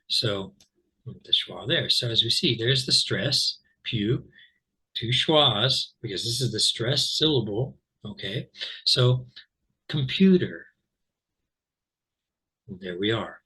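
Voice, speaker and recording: Male American pronunciation teacher, low-ish husky voice with a bright edge, casual and full of filler words. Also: low-quality recording. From Central California, USA. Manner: relaxed and chatty, many ums and uhs, repeats words slowly to demonstrate. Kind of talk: explaining pronunciation to learners.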